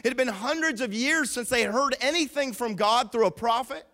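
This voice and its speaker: A pastor preaching a sermon, emphatic, asking the listeners questions and swinging between hushed and loud. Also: male voice, extremely high pitch, brisk, hardly any pauses.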